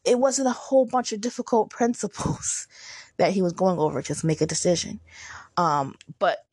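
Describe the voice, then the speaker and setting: A woman hosting a motivational podcast, talking in a casual, upbeat and chatty way with lively jumps in her voice. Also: mid-range voice, moderate pace, husky, no echo, studio quality. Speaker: podcast host.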